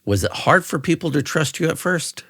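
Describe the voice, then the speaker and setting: A man's voice: fairly high pitch, expressive, moderate pace, fairly bright tone, slightly rough, dry recording, studio quality. A man hosting a podcast, chatting casually with his guest, giving short replies and talking to him like a friend. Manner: short backchannel replies, calls the guest bro. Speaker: podcast host. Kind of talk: casual interview chat.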